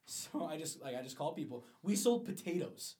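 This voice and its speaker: A man's voice: a little high, fairly quick. A man co-hosting a podcast, telling stories in casual chat with laughs. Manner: lively storytelling with laughs. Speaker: podcast co-host.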